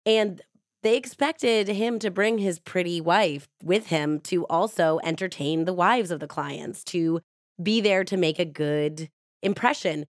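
Low-voiced woman telling a true crime story. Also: measured pace, no room sound, studio quality. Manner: casual and chatty, with frequent "like". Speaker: podcast host.

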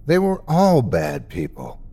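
A man's voice: medium pitch, huge pitch swings, slow, dark tone, slightly rough, exaggerated voice. A man voicing a deranged older man in a horror story, who pleads and then snaps at a killer creature. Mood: justifying.

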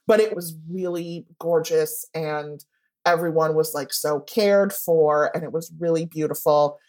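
A woman telling a story in a casual interview, talking chattily with lots of "like" and animated quoted asides. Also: sits low, unhurried. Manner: chatty, heavy use of "like", animated quoting. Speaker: guest writer.

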